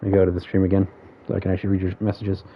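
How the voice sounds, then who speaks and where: A man's voice: low voice, completely flat delivery, very fast, slight background noise. A man streaming a game, chatting casually, thinking aloud and counting off options under his breath. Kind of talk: casual gameplay commentary. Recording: dull lo-fi stream audio.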